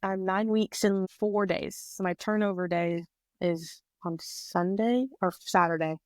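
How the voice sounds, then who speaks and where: A woman in her twenties, a podcast guest, telling a personal story in a chatty, animated way on a close mic. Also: medium pitch, unhurried, no room sound. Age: 20s. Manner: chatty, animated retelling with quoted voices. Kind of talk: casual storytelling.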